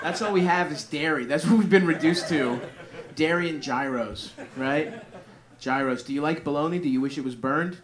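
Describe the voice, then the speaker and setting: Young guy comic rambling on stage, sarcastic, kinda high voice, swears a ton, crowd noise all around. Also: normal speed. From Greek family. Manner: rambling, sarcastic, self-deprecating, lots of swearing. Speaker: stand-up comedian. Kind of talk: stand-up set with crowd work. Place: comedy club in front of live audience. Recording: live comedy club audience.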